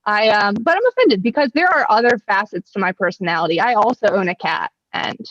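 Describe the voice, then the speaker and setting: A woman's voice: mid-range voice, lively intonation, fairly quick, a bit bright, no room sound, dull audio. A woman in her twenties doing a stand-up set over a video call, dry and self-mocking, laughing at her own jokes. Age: 20s. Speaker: stand-up comedian.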